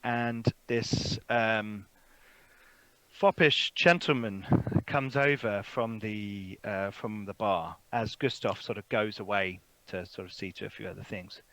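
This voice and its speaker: A man narrating a tabletop game as game master, relaxed and rambling with many fillers. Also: lowish voice, takes it slowly, a little hiss or hum.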